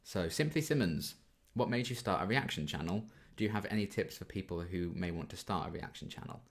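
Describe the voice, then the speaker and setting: A man's voice: sits low, lively intonation, fairly quick. A young man in his twenties hosting a casual Q&A, reading viewer questions aloud and chatting through his answers with frequent ums. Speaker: YouTube reaction channel host.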